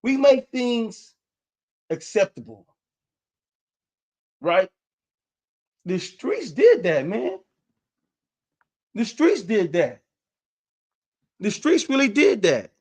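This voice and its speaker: On his livestream, a man with a high, wildly swooping voice talks extremely slowly, with long pauses and a slightly mellow, breathy edge. As host, he rambles casually about sneakers and street culture, peppering it with "man" and "y'all."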